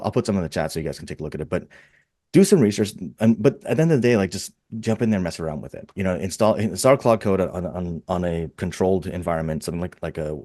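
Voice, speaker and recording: A man's voice: low-pitched, a little mellow, dry recording, studio quality. A man speaking on a webinar panel in a rambling, enthusiastic way, often repeating words as he thinks aloud, heard over a video call. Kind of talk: casual webinar panel talk.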